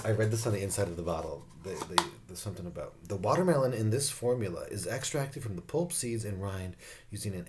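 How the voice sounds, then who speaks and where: A man's voice: on the low side, slight background noise. A man giving a casual skincare review at home, campy, profane and playful, laughing often. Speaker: beauty vlogger reviewing skincare.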